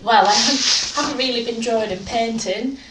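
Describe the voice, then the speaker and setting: A woman's voice: on the high side, moderate pace. Chatty woman vlogging at home. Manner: chatty, candid, self-deprecating. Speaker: art vlogger. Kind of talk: casual chatty vlog. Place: home art room. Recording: roomy, distant home mic with faint noise.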